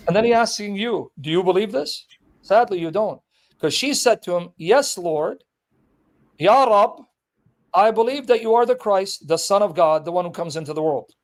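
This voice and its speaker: A man debating a Muslim, insistently challenging him and reading scripture verses aloud with emphasis. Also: high-pitched. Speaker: Christian apologist debating a Muslim.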